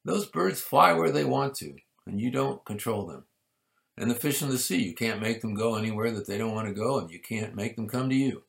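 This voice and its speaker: A man preaching a sermon in a measured way, rising to emphatic peaks and dropping to soft asides. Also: mid-range voice, expressive, creaky. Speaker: pastor.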